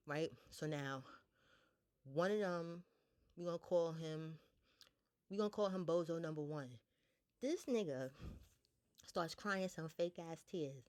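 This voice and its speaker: A young woman casually telling a storytime, blunt and profane, jumping up in pitch to act out what people said. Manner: animated retelling, blunt and profane, voices others higher.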